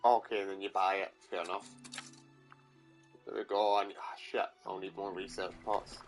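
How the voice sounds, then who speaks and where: Scottish lad, low voice, chatty game commentary, curses a lot, light music under. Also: male voice, level tone, moderate pace. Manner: casual, swears often, mutters. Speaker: gaming streamer. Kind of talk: let's play commentary.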